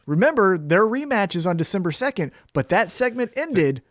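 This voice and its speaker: A man hosting a podcast in an upbeat, casual way. His voice sits a bit high for a man, and the recording is dry and close. He moves things along from one segment to the next. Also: big pitch swings, moderate pace, no room sound. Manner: upbeat, walks through the show segments. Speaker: podcast host.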